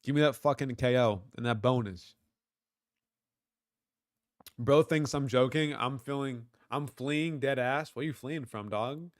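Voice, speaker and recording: A man's voice: mid-range voice, unhurried, pauses often, no echo, clean studio sound. Profane slangy man on a livestream. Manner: talks back to chat. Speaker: livestream host. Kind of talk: casual livestream chat reading comments.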